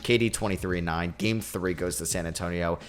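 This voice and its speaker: A young man narrates his basketball video game as he plays, reacting out loud. He drops into low, muttered asides and then jumps into loud, high yells when things go right or wrong. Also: brisk, soft background music. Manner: excitable, swings between mumbling and yelling. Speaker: gaming YouTuber.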